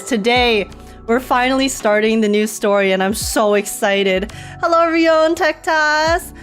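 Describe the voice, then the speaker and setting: A bubbly woman streamer with a slightly high voice greets her chat live, excitable and laughing often. Music plays clearly behind her. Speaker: game streamer. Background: background music.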